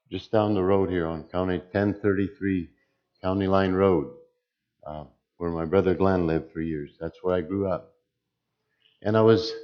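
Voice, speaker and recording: A church deacon with a very low voice shares a personal testimony in church. He speaks slowly and deliberately, weighing every word, and the recording has a dull, slightly lo-fi quality.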